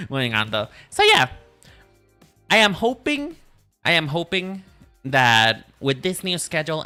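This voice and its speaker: Lively, bright-voiced man streaming. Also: medium pitch. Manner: animated and swearing, laughs often, talks straight to chat. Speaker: streamer with an animated avatar. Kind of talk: casual live-stream chat with viewers.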